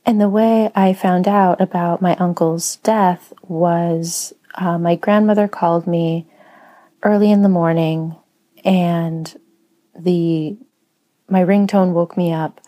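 A woman who writes and teaches writing, speaking slowly in a soft, reflective personal monologue with frequent pauses. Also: fairly low pitch, fairly even intonation. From Spanish-speaking home. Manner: slow, soft-spoken, pausing often.

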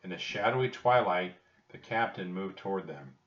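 A man reading a children's storybook aloud in a steady, plain storytelling manner. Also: sits low, moderate pace. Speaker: narrator. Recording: echoey, distant, dull lo-fi.

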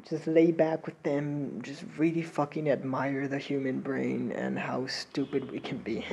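A man's voice: mid-range voice, creaky, darkish tone, slight background noise, poor audio. A young man hosting a solo podcast with a slight Latin American accent, rambling, laughing and swearing while he paces around a room. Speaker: podcast host. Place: indoors, pacing around a room.

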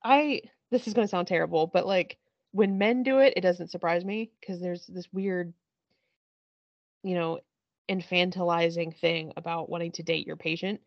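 Gravelly woman podcast host rambling about a tv show, laughs a lot, dull dry lo-fi sound. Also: on the low side, normal speed, no room sound. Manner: laughing often, animated retelling with swearing. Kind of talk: casual chat recapping a TV show.

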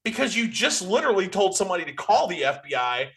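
A man's voice: high-pitched, sing-song, fast talker, a bit bright. A man in casual podcast chat, retelling a movie with exasperated swearing. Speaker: podcast co-host.

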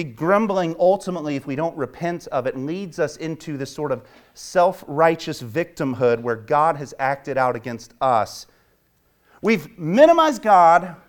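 Impassioned male preacher, higher voice. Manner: impassioned preaching, voice rising for quoted complaints and dropping low in prayer. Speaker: pastor. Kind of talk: sermon.

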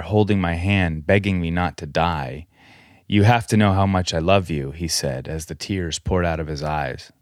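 A man with a very low voice reads a listener's rhyming letter on his podcast. His delivery is measured and solemn, like careful storytelling. The sound is dry and close, with no room around it. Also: no room sound. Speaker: podcast co-host.

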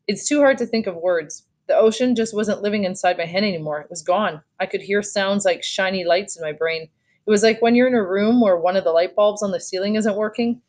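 A woman teacher reads a novel aloud to her class and pauses to explain what is happening. Her voice sits on the lower side, and her delivery is steady and clear.

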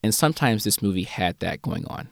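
Lowish-voiced guy breaking down a movie, dry close mic. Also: lively intonation, gravelly, dry recording. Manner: measured, analytical, uses "you know" often. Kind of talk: casual movie review chat.

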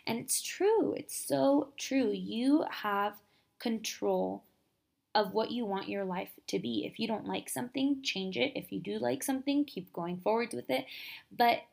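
A young woman hosting a podcast, giving a casual, upbeat motivational talk full of quick asides and filler words. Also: a little high, gravelly, darkish tone. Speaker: podcast host.

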